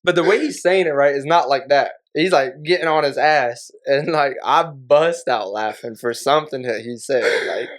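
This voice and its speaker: A man's voice: medium pitch, normal speed, hardly any pauses. A man on a podcast telling a casual, profane story in a laid-back way, often breaking into laughter. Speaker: podcast guest.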